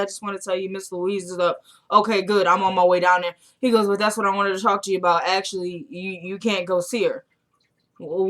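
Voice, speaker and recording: A woman's voice: medium pitch, fairly bright tone. Chatty young woman recapping a show. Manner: chatty, retells scenes by quoting characters. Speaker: TV episode recap vlogger. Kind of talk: casual recap chat.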